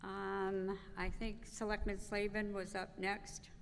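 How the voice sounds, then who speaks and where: A woman's voice: medium pitch, flat delivery, slow. A woman moderating a town meeting, firmly keeping speakers to time. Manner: firm, calls time on speakers. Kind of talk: chairing a public meeting. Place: large town meeting hall. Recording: echoey hall with clear background noise.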